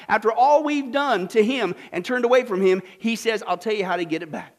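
Male pastor, very high voice, animated and jokey, sermon delivery. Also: a little fast. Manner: animated, jokey, punchy exclamations. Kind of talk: sermon with storytelling.

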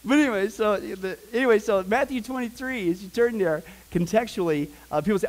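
A man teaching a Bible class in a casual, rambling way, with joking asides and bursts of loud preaching. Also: sits high, animated, a little fast, few pauses, low-quality recording.

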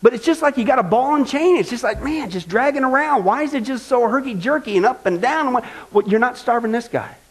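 A man's voice: very high voice, expressive, fast talker, hardly any pauses. A male pastor preaching a sermon in a folksy style, driving points home with repetition.

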